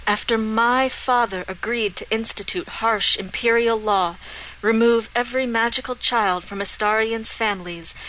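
A woman voicing a calm, resolute young prince who speaks in a firm, measured, earnest way. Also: mid-range voice, slight background noise, poor audio.

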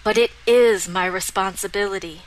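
A woman's voice: mid-range voice, normal speed, natural voice, rough recording. A woman voicing a powerful, possessive queen who speaks in a commanding tone that defies any challenge.

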